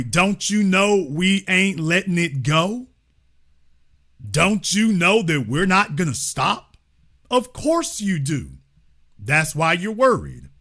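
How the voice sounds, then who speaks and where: A man's voice: high voice, sharp tone. A man hosting a call-in show, taunting a caller with sarcasm and repeating phrases for emphasis. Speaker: host. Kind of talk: live call-in commentary.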